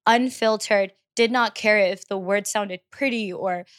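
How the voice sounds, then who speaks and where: A young woman musician talking as a podcast guest. She is blunt, profane and animated in how she tells her story. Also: mid-range voice, a little slow. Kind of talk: casual podcast interview.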